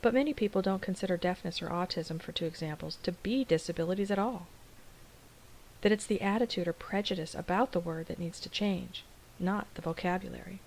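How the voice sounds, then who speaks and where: A woman teacher speaks in a calm, measured way, explaining carefully as if in a scripted dialogue. Her voice sits on the low side. A faint hiss runs under the recording. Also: creaky, poor audio. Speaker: special education teacher.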